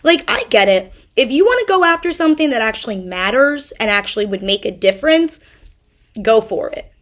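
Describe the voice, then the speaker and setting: Young woman, high voice, exasperated rant, stammers and repeats herself, swears freely. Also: very animated, brisk, fairly bright tone. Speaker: podcast host. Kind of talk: ranting monologue.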